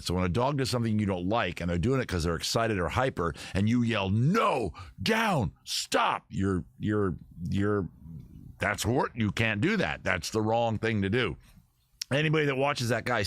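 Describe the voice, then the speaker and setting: Host, male, low lively voice, jokey and rambling, dry close boom mic. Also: brisk, no echo. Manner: rambling, jokey, self-interrupting. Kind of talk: casual live-stream chat. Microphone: tabletop boom mic.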